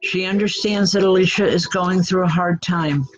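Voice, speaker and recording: A woman's voice: on the low side, moderate pace, soft background music. A woman working as a spiritual medium, delivering readings to a gathered group in a chatty, folksy way. She talks bluntly and makes jokes at her own expense. The recording sounds dull and lo-fi. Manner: chatty, folksy, self-deprecating; blunt, direct.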